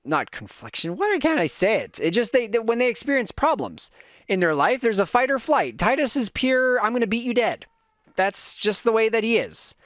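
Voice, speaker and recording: A man's voice: fairly high pitch, a bit bright, smooth, dry recording, studio quality. A man in his thirties hosting a podcast, telling a rambling, self-correcting story in a casual rant that acts out his kids' voices. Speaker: podcast host.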